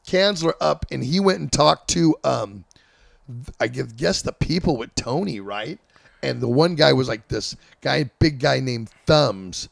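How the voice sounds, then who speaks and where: A man in his fifties hosting a casual chat, telling old touring stories in an animated, profane way. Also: medium pitch, vocal fry, dry recording, clean studio sound. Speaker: host.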